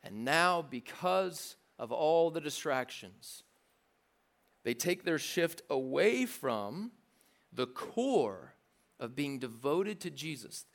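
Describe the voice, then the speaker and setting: Animated preaching man. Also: a little high, slow, vocal fry. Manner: animated, jokey preaching with acted-out crowd voices. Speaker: pastor. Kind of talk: sermon.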